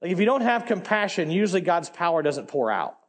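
A man with a high-pitched voice preaches a sermon in a loose, animated style, dropping slang as he goes. He keeps swinging from loud, emphatic peaks down to quiet, low asides. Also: fairly quick.

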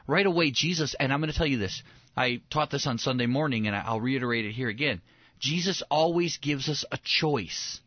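A man, a pastor, giving conversational Bible teaching, animated and repeating words as he builds momentum. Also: medium pitch, fairly quick, dry recording, lo-fi sound. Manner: animated, acts out quoted voices, repeats words when excited.

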